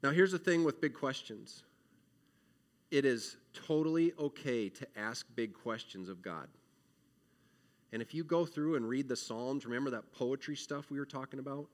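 A man giving an earnest, emotional children's sermon, acting out prayers and shifting between loud pleading and quiet reflection. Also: mid-range voice, normal speed. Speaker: children's minister.

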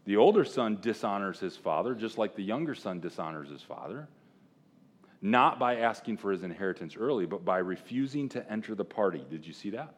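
A man preaching a sermon to a room of men, animated, jumping between loud exclamations and hushed asides and acting out the characters he quotes. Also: on the low side, a little fast. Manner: acts out quoted characters in voices. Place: room with a live audience of men.

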